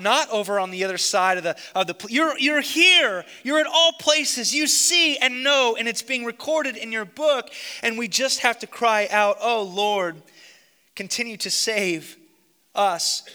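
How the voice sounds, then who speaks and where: A man preaching and praying aloud as pastor, swinging between hushed, intimate lines and fervent outbursts. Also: high voice, measured pace, smooth. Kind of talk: sermon and closing prayer. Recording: long reverb of a large hall.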